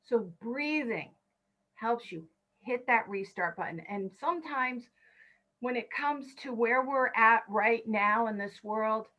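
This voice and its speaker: A woman's voice: on the high side, takes it slowly, pushed and bright, low-quality recording. A woman in her fifties from California, leading an online stress management class, talking listeners through breathing counts with chatty personal asides.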